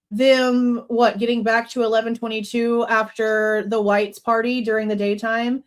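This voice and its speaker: A woman hosting a live true crime reaction show, reading court documents aloud and cutting in with blunt, mocking commentary. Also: mid-range voice.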